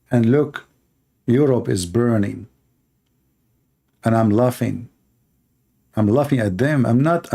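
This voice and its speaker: A man's voice: a little high, darkish tone. Emphatic man hammering short repeated phrases. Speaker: channel host. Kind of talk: impassioned monologue.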